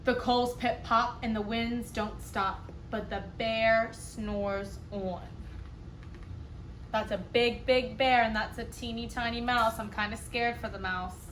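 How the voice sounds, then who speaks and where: A woman kindergarten teacher reading a picture book aloud, expressive, with playful asides to the children. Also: fairly high pitch, moderate pace, hardly any pauses, a little hiss or hum. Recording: echoey room.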